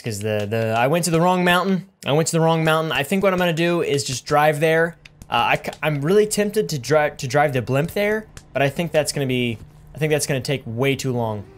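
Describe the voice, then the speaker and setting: A young man giving rambling, self-mocking gameplay commentary with plenty of swearing. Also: a little high. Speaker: gaming YouTuber.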